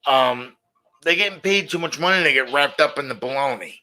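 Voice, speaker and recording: A man's voice: medium pitch, fairly quick, pushed and bright, a little hiss or hum. A middle-aged man hosting a casual monologue show, blunt and opinionated, often repeating his points. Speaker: show host.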